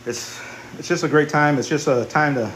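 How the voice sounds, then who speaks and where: A man's voice: on the high side, moderate pace, fairly bright tone, slight background noise. A man vlogging casually at the gym, blunt and joking as he talks between heavy squat sets. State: out of breath. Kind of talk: casual gym vlog talk.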